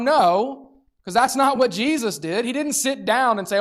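Animated preacher telling a story. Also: mid-range voice, a little fast. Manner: animated storytelling, acting out voices. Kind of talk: sermon.

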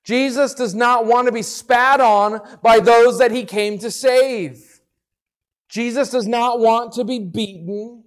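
Male preacher with a high voice and a slow, earnest, emphatic devotional delivery. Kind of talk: devotional Bible teaching.

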